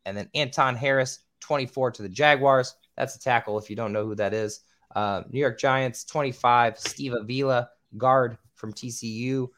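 A man hosts a loose podcast chat, mid-pitched and a little squeaky. He talks casually, trips over hard names and swears freely. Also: steady tone, normal speed, fairly bright tone. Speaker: podcast host.

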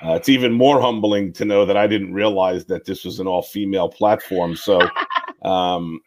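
Low-voiced man as polite guest. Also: steady tone, moderate pace. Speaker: guest, company CEO. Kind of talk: interview.

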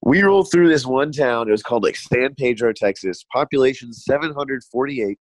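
A man hosting a podcast in casual chat, telling animated stories and acting out voices, with some swearing. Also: mid-range voice, brisk, slight background noise. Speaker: podcast host, touring comedian.

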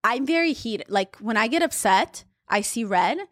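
A young adult woman telling a story in casual talk, chatty and full of fillers, her pitch leaping up without warning. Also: lively intonation, normal speed, a bit bright, no echo, clean studio sound. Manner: chatty, many fillers, sudden pitch leaps.

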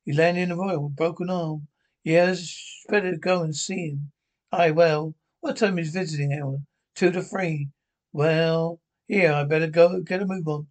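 Casting: actor as a crude, bickering old pensioner, slightly high voice. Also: male voice, steady tone, a little slow, close to an everyday voice. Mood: banter. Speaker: sitcom pensioner. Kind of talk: broadcast sitcom acting.

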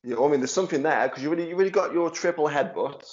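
A man with a Stoke-on-Trent accent hosting a podcast in casual chat, chatty and quick to laugh. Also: fairly high pitch. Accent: Stoke-on-Trent English. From Stoke-on-Trent, England. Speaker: podcast host. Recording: dull lo-fi audio.

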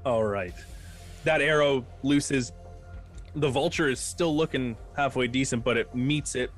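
A man running a tabletop game, his pitch sitting squarely in the middle for a man. He narrates combat in a relaxed, rambling way, stopping to count dice aloud. Soft music plays faintly in the background. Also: measured pace. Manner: casual, loose narration full of fillers and restarts, counts dice aloud. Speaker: game master.

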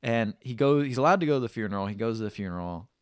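Chatty man recapping a film, animated. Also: mid-range voice, clear, resonant tone, no room sound, clean studio sound. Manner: retells scenes in quick put-on voices; loose, chatty, swears freely. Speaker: podcast co-host.

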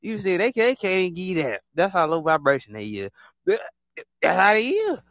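Animated man with a dry close sound. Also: a little high, no echo. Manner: animated, repetitive, acts out other people in quick put-on voices. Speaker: podcast host. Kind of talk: casual monologue.

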